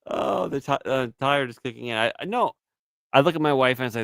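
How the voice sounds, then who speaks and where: A man's voice: a little high, huge pitch swings, unhurried, vocal fry, long pauses, a bit bright, dry recording, clean studio sound. A middle-aged man from Canada, telling rambling stories in casual chat, laughing often and acting out what others said. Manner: rambling storyteller, laughs a lot, acts out quotes.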